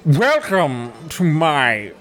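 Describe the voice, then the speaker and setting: A man's voice: a little high, huge pitch swings, drawn-out words, a bit bright, full character voice. A man voicing a floating one-eyed orb monster, its words drawn out and falsely welcoming. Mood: mock welcoming.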